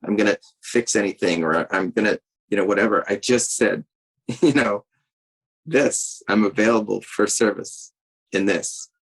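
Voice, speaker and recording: Gravelly, husky man telling a story. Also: lowish voice, moderate pace, rough recording. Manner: hesitant, many ums and restarts. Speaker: art teacher and practitioner in a discussion group. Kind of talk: reflective personal storytelling. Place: video call.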